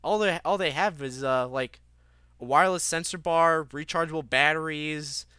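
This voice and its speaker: A man's voice: a little high, moderate pace, bright, forceful tone, clean tone, no echo, studio quality. A young man hosting a casual gaming news podcast, rambling with many fillers and restarts. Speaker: podcast host.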